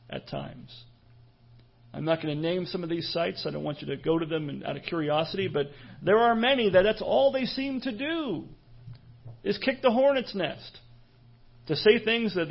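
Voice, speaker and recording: A pastor preaching a sermon in an earnest, measured way, pausing and restarting as he goes. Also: high-pitched, vocal fry, husky, muffled recording.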